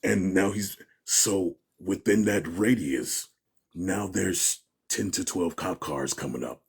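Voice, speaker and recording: A man's voice: low-pitched, slow, vocal fry, husky. A man giving an interview, telling a story in a casual way and acting out what people said. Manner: animated storyteller, acts out quotes, laughs often. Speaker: interview guest.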